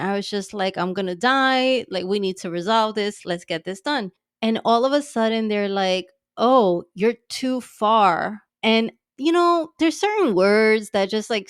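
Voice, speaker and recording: A woman in her thirties, appearing as a podcast guest, tells her story loosely and casually, with lots of sarcasm, frequent laughter and free swearing. Her mid-range voice is smooth and clear, recorded close and dry with no room sound.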